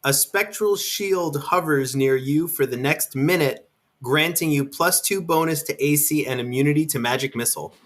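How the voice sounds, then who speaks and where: A young man at a tabletop game, with a bright, forward voice. He talks eagerly and asks about rules. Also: on the high side, normal speed. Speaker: player. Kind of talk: casual chat at a tabletop game.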